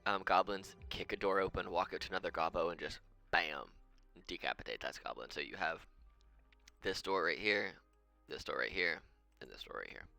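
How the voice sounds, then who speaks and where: A man's voice: sits low, normal speed, vocal fry, sharp tone, faint music behind. A man running a tabletop game as game master, rambling as he thinks aloud and counts out moves under his breath.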